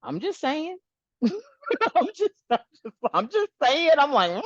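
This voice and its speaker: A woman hosting a spiritual channel, talking casually to her viewers in an animated, rambling way and swearing freely. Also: high-pitched, slow, dry recording, dull audio.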